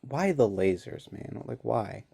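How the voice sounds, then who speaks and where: A man's voice: medium pitch, animated, slow, gravelly, mellow, husky, dry recording, heavily acted. A man voicing a grumpy old male criminal who mutters complaints about the good old days. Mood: grumbling. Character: grumpy old male crook, nostalgic snob.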